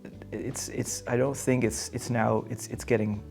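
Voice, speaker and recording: A young man with a Dutch accent, chatting to camera in English in a hesitant, halting way and searching for words. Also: mid-range voice, fairly even intonation, gravelly, darkish tone, faint music behind. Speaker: vlogger. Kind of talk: casual chat to camera.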